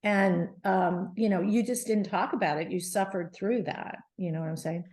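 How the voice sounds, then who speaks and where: A middle-aged woman, a guest on an interview show, telling her story in a lively, animated way with many restarts. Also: mid-range voice, normal speed. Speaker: guest, menopause advocate.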